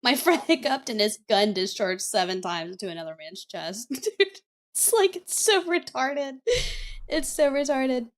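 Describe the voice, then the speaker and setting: High-voiced blunt woman streamer. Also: sing-song, moderate pace. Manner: blunt and profane, repeats herself. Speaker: streamer reacting to clips. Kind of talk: casual live-stream chat.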